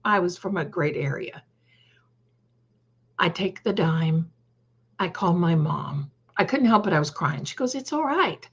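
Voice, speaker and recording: A husky older woman hosts a live stream, talking slowly and telling a personal story in a chatty, animated way. Her audio comes through a bit muffled and lo-fi. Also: fairly low pitch. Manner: chatty, animated, greets viewers by name. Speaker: livestream host. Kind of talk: casual storytelling to live chat.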